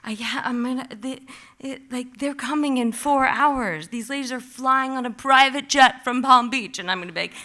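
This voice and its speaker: Woman storyteller, live stage, bright tone, animated and chatty, heavy "like". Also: mid-range voice, normal speed. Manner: animated, vivid, heavy use of "like"; acts out her own past panic in quotes.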